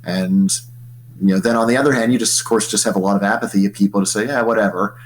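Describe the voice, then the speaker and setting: Middle-aged american econ prof rambling away in an interview, lots of "like, you know", faint hum behind. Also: male voice, on the low side, fast, poor audio. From United States. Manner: animated and rambling, with many fillers and restarts. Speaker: economics professor. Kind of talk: casual interview conversation.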